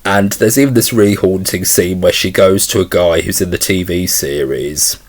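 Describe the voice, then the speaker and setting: A young man with a low voice talks through a film review off the cuff. He rambles, stumbles over restarts and leans on fillers as he goes. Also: normal speed. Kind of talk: casual spoken film review.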